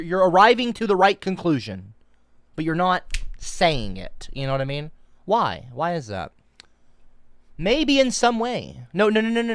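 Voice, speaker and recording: Ranting commentator with a lively, swinging voice. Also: dry recording, studio quality. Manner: emphatic, repetitive, stammering restarts, swings high when outraged. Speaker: online commentator.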